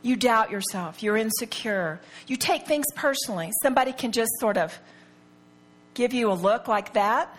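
A middle-aged woman leads a Bible study with a fairly high voice. She speaks to the room earnestly and confidingly, and she keeps turning to the listeners with rhetorical questions. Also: animated, normal speed. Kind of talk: personal teaching talk to a group.

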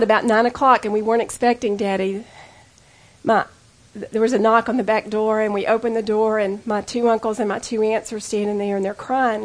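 A woman giving an earnest personal testimony sermon to women, storytelling intimately and pleading with the listeners. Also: fairly high pitch. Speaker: women's speaker.

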